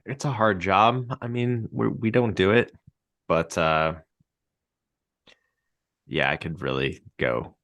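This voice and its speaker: A man speaking as a podcast guest in casual chat, a coach who talks with halting starts. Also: deep voice, a bit bright, dry recording. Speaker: guest, assistant football coach.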